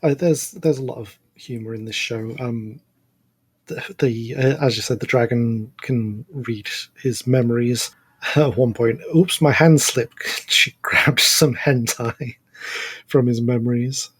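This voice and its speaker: A man co-hosting an anime podcast, talking in a measured, slightly hesitant way and correcting small details. His voice is mid-pitched with a husky edge. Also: fairly even intonation, a bit bright. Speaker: podcast co-host. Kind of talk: casual chat.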